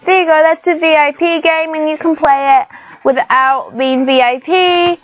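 A woman with a high voice giggles and chats casually while commenting on a computer game she's screen-recording for her gaming channel. Her tone is steady, her pace moderate, and the recording muffled.

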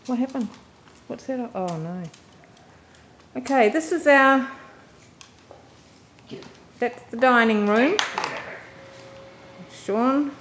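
Filmed on a handheld camcorder, a woman gives a chatty, relaxed tour of her family home, laughing softly between remarks. Her voice is on the high side, extremely slow, with long pauses. The camcorder mic picks up noisy home audio inside the house.

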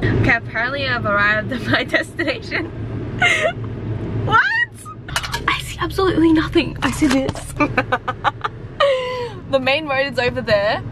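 A woman's voice: on the high side, sing-song, measured pace, long pauses, very noisy. A woman chatting casually to her viewers from inside a car, giggly and easily flustered. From Australia. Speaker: vlogger. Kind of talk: casual vlog. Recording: background music under the voice.

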